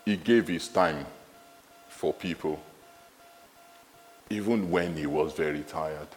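A man with a Nigerian accent preaching a sermon in a church, lively and animated, often repeating his phrases. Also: slow pace, big-room sound, soft background music. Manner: lively, animated, repeats phrases, rises high when excited.

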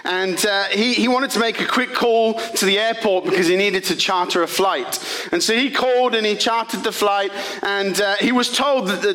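A man preaching a sermon, telling a story in a relaxed, conversational way. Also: high-pitched.

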